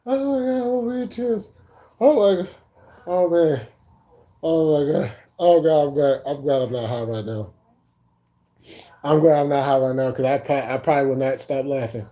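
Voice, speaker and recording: A man's voice: mid-range voice, normal speed, long pauses, dark tone, highs cut off. A man hosting a casual live stream, laughing constantly and bantering loosely and profanely with viewers in the chat. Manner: repeats phrases, talks to chat viewers by name.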